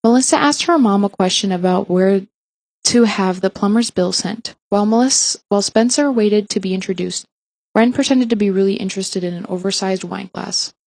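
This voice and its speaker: A woman narrating fiction aloud in a mid-pitched voice. She reads evenly, with the odd slip and restart left in. The sound is dry and close, with no room around it. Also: normal speed, vocal fry, no echo. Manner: even reading with small slips and restarts. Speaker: audiobook reader.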